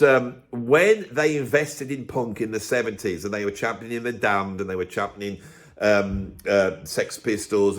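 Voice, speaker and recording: A man hosting a music channel, delivering a grumpy, emphatic, opinionated rant to camera in a casual way. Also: lowish voice. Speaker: music video host.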